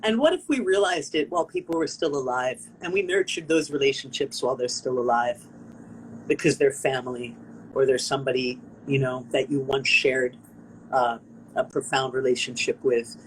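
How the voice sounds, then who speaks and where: An American woman, a performance artist, telling a personal story on a video call interview in an expressive, earnest way, acting out the people she quotes. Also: rumbling low, moderate pace, a little hiss or hum, low-quality recording. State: tearful.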